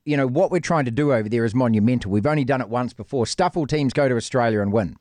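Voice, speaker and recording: A man hosting casual sports banter, quick and teasing. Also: mid-range voice, darkish tone, no room sound. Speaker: radio sports host.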